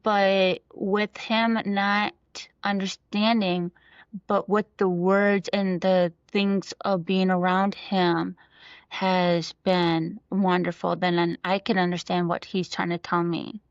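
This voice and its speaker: A woman's voice: on the low side, level tone, slow, clean tone, no echo. A woman in her thirties, an interview guest, talking with emotion and many fillers and restarts. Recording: dull, lo-fi dry recording.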